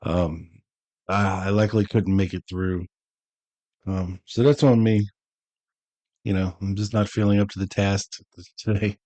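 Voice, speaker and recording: A man hosting a podcast, reading an old statement aloud and breaking off for relaxed, chatty asides with drawn-out emphasis. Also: low-pitched, no echo, poor audio. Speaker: podcast host.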